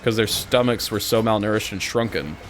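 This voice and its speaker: A man's voice: lowish voice, a little fast, faint music behind. A man in his twenties from Missouri, chatting casually and sarcastically with his stream viewers. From Missouri, USA. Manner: animated, joking and sarcastic.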